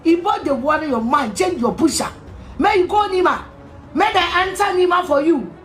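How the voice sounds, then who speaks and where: A Ghanaian woman with a very high voice delivers a heated rant, hammering her points through repetition and bursts of shouting. She sounds sharp and scolding throughout. Her voice rings in an echoey room with faint music behind it. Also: normal speed. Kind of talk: angry rant to camera.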